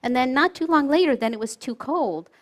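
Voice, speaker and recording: A woman with a slightly high voice gives a relaxed spiritual talk to a retreat group. She tells stories in a chatty manner, laughs often, and slips into the voices of the people she quotes. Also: brisk. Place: retreat gathering before a group.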